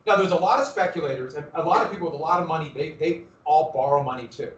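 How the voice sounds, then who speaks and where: A man's voice: fairly high pitch, fast, highs cut off. Man lecturing a class from far off. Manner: asks the class questions and answers them himself. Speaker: history teacher. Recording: roomy classroom recording from far off.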